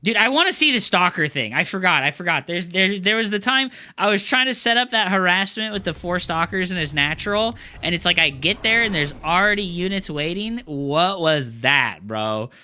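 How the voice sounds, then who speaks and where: A man's voice: high voice, expressive, fairly quick, hardly any pauses, pushed and bright. A young man streaming live game commentary, ranting with frustration and cursing constantly in loose slangy gamer talk. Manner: frustrated ranting, heavy swearing.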